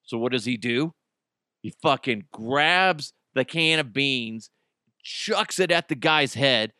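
Slow yet animated, a man's mid-range voice comes across bright and forceful as he hosts a podcast alone. The talk is casual riffing full of jokes and swearing, including a live ad read, recorded in a clean studio with no echo.

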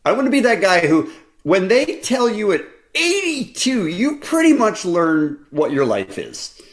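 A man hosting a casual chat, talking quickly in a dry, sarcastic way. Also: high-pitched, huge pitch swings. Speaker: host.

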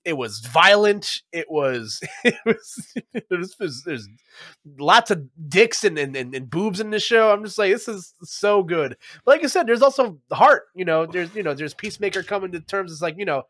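A man's voice: high voice, expressive, normal speed, fairly bright tone, no room sound, studio quality. A man co-hosting a podcast in casual chat, rambling, swearing a lot and laughing often. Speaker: podcast co-host.

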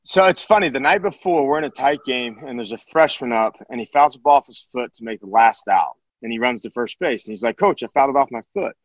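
A man's voice: medium pitch, fairly quick, few pauses, dry recording. A man in his thirties tells his stories with energy, stumbling and restarting as he goes. The recording sounds dull and muffled, with a dry, close feel. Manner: lively storyteller with many restarts and fillers. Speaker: former college baseball catcher, now high school teacher. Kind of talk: storytelling in a podcast interview. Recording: dull, dry podcast audio.

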